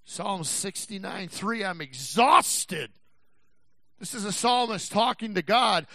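Pastor guy with a really high voice preaching slow, shouts then goes quiet, lively pitch. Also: creaky, no echo. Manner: swings from shouting to quiet, slow emphatic delivery. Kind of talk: sermon. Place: church.

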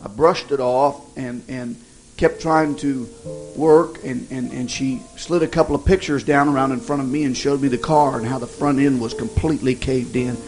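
A man, an evangelist, telling a personal testimony in a folksy, halting way with many restarts. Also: medium pitch, steady tone, darkish tone, low-quality recording. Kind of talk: sermon testimony storytelling. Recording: music playing behind the voice.

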